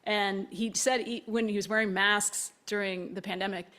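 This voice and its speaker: A woman telling a story in conversation, animated, acting out the voices of the people she quotes and laughing often. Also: mid-range voice, normal speed. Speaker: speaker.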